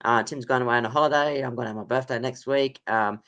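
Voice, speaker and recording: A man's voice: mid-range voice, fairly even intonation, fast talker, bright, forceful tone, clean tone. Rambling man hosting a quiz. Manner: rambling, lots of ums and laughs. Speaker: podcast host running a quiz. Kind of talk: casual chat.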